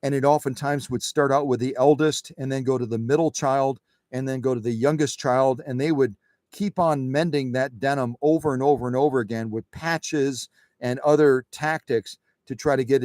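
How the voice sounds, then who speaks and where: A man's voice: mid-range voice, fairly even intonation, normal speed, darkish tone, dry recording, studio quality. Folksy man demonstrating a sewing machine. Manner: chatty, folksy, reads viewer chat. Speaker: sewing machine restorer hosting a livestream. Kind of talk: live how-to demonstration.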